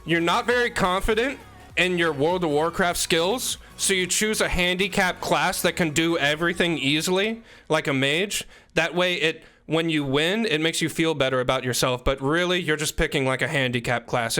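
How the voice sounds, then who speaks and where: Young male streamer, slightly high, bright voice, rambling jokey chat. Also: normal speed, faint music behind. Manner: joking, teasing chat, rambling asides. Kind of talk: casual live-stream chat. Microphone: desk microphone.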